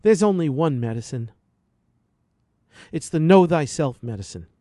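A man's voice: a little high, animated, a little slow, warm tone, no echo. A man hosting a radio health show, delivering an impassioned, repetitive, preachy monologue into a studio microphone.

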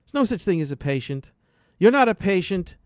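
Male radio health host, higher voice, emphatic and preachy, dry studio sound. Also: sing-song, fairly quick, darkish tone, dry recording. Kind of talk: impassioned radio monologue.

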